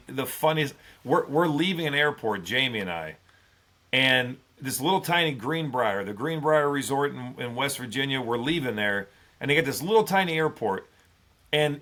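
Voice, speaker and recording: A middle-aged man in a podcast conversation, telling a story in a plain, mid-pitched voice. He is animated, breaks into laughs, and acts out quoted lines as he tells it. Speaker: podcast guest, former football player. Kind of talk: casual storytelling.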